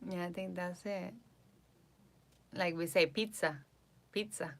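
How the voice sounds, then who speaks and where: A woman's voice: lowish voice, steady tone, unhurried, vocal fry. A woman with a New York accent chatting casually with viewers on her live stream as a psychic host, repeating herself and reading names aloud.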